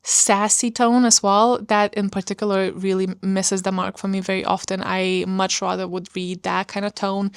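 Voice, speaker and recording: A woman's voice: mid-range voice, level tone, moderate pace, few pauses, clean tone, dry recording, studio quality. A woman vlogger talking casually about books, chatty and rambling with lots of fillers. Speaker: book vlogger. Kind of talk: casual chat.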